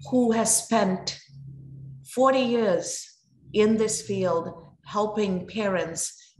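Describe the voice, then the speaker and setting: A woman's voice: mid-range voice, a little hiss or hum. Brief: woman host, effusive intro, roomy reverb. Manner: enthusiastic, effusive. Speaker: podcast host. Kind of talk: interview introduction.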